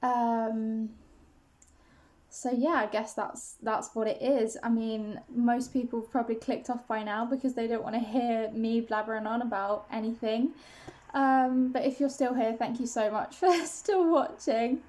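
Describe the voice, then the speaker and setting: A young woman with a fairly high voice chats openly to her camera at home. She rambles and restarts her sentences, filling the gaps with little hesitations. She sounds self-conscious but keeps talking. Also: steady tone, unhurried, a little mellow. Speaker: vlogger. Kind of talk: casual confessional chat to camera.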